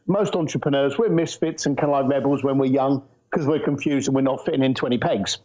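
A middle-aged man from England, a guest entrepreneur telling anecdotes in an animated, storytelling way. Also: fairly high pitch. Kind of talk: casual storytelling interview. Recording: muffled lo-fi audio.

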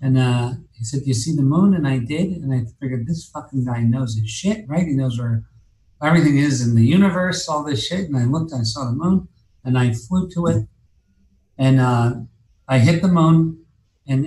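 A man spins a long personal tale as a guest, swearing freely and circling back with "uh" and "and, and" as he goes. His mid-pitched voice carries a roomy echo, as if the room around him is bare. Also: darkish tone, slight background noise. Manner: rambling, profane, many fillers and restarts. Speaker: interview guest. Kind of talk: casual storytelling.

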